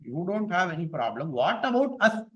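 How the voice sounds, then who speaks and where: A man teaching a class on scripture verses. He explains each point patiently with repetition and chants the verses slowly. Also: high-pitched, sing-song, breathy edge, poor audio.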